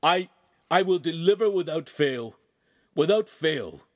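A man voicing a tearful, grateful craftsman who stammers and pleads in a raised, slowed voice. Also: on the high side, animated, no echo, clean studio sound, voice pushed up. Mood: overwhelmed. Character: tearful grateful middle-aged craftsman, overwhelmed.

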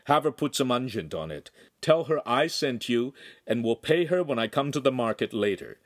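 A man's voice: mid-range voice, animated, moderate pace, no room sound, studio quality, pitched above the performer's own voice, close to an everyday voice. Man voicing a stern, fatherly priest. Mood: soothing. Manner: soothing, preachy. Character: calm stern older male priest, fatherly.

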